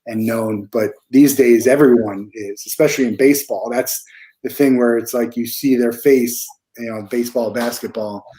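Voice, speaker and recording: A man hosting a casual interview over a video call, chatting in a relaxed way and repeating his questions. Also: mid-range voice, moderate pace. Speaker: host.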